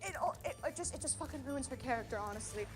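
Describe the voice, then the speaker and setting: A woman with a high voice chats casually on a livestream, animated and rambling. She swears freely, and soft game music plays underneath. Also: fast. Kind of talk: casual chat while streaming a game. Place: home streaming setup.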